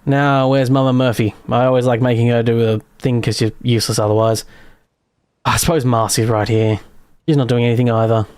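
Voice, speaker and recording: A man talks his way through a live game session in a loose, muttering commentary, as if chatting to himself. His voice sits at an ordinary middle pitch. The sound is close and dry, with no room around it. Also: little pitch movement, brisk, darkish tone, clear, resonant tone, no echo. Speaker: gaming streamer. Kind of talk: casual live gameplay commentary.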